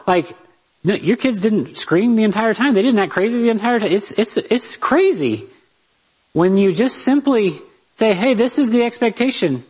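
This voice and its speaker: A man with a high, husky voice teaches a conversational Bible lesson on parenting. He's lively, addressing his listeners directly with rhetorical asides, and the recording quality is low.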